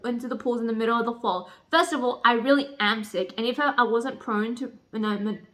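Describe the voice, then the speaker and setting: A woman reads a defiant, guarded young woman who answers back with quick, pointed lines. The voice is fairly high but sits a little below her own excited chatter. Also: close to an everyday voice. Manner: read aloud from a novel, slightly lower than her own chatter.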